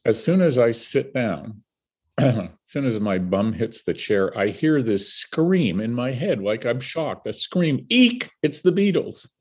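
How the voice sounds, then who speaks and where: Husky older man telling stories. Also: medium pitch, slow. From Canada. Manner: animated, vivid storyteller who laughs between anecdotes. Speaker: guest. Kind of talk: storytelling in conversation.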